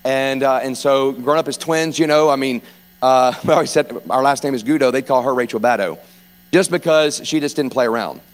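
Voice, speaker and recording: Chatty South Louisiana guest preacher. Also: male voice, mid-range voice, a little fast. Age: 40s. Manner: chatty, joking, clears throat often. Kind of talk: informal sermon.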